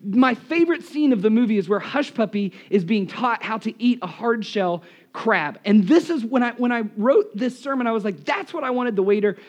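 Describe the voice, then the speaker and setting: A man's voice: very high-pitched, moderate pace. A man preaching a sermon in a church, telling funny stories about himself, speaking into a live microphone while losing his voice. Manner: animated, self-deprecating storyteller. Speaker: pastor. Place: church, in front of a congregation.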